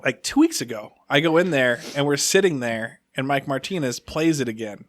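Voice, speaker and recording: A man's voice: mid-range voice, animated, moderate pace, no room sound. A man hosting a podcast, telling stories in casual chat and acting out the voices of people in them. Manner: storytelling, acts out voices from his stories. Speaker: podcast host.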